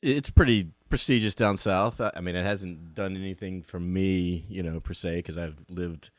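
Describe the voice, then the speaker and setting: A man in his forties, a guest on a casual podcast, speaking in a hesitant, halting way. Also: low voice, dry recording. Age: 40s.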